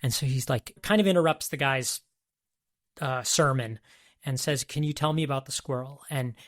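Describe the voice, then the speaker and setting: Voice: medium pitch, moderate pace. A podcast host retelling a story in casual conversation, hesitant, with many restarts.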